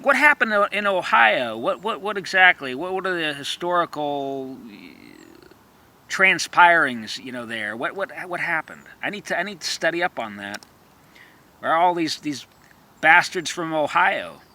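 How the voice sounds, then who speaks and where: A man's voice: on the high side, expressive, moderate pace, bright, forceful tone. A man in a rambling monologue who stammers, repeats himself and erupts into profane, threatening rants.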